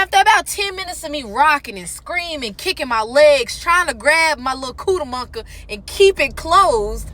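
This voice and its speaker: A woman's voice: sits high, bright, forceful tone. A woman in casual storytime narration, acting out the voices in her story.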